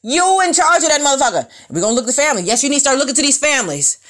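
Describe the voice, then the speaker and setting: Blunt, profane woman with lively high pitch. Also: rapid-fire. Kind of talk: profane opinion rant.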